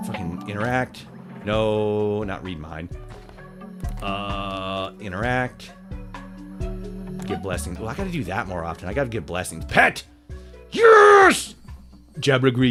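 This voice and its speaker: Male game streamer, mid pitch, swears a lot, rambling restarts, faint music behind. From Europe. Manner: swears constantly, rambling with many restarts, bursts into loud excitement. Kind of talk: casual livestream chat while gaming.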